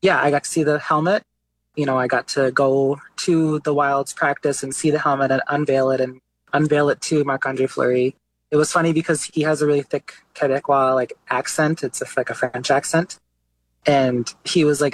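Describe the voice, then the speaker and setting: A man's voice: medium pitch, steady tone, normal speed, dry recording, poor audio. A man speaking as an interview guest, talking casually with lots of "like" and "you know". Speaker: guest artist. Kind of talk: conversational interview.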